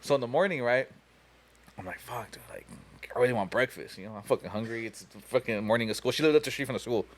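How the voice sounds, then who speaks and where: A man's voice: medium pitch, fast talker, slight background noise. A young man on a podcast telling a long, profane story in a rambling way, full of "you know" and "like.". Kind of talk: casual storytelling chat.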